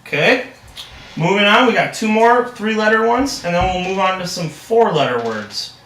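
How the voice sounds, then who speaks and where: A young man acts as a reading tutor, upbeat and full of praise. His voice is high and bright. The sound is roomy and captured from a distance. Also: expressive, moderate pace, slight background noise. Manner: upbeat and encouraging, heavy praise. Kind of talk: practice lesson role-play. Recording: echoey room, distant mic.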